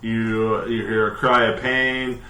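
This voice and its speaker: Slow-talking male game master. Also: on the low side. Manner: relaxed, slow narration with many fillers. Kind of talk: narrating a tabletop game. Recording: echoey room, faint background noise.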